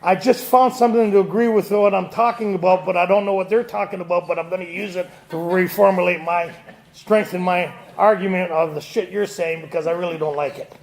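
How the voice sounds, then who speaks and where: A Canadian man with a high, gravelly, steady voice leads a Big Book study for an AA recovery group, speaking briskly to a live audience in a meeting room. He fires questions at the room, quizzing people and teasing them with jokes and laughter.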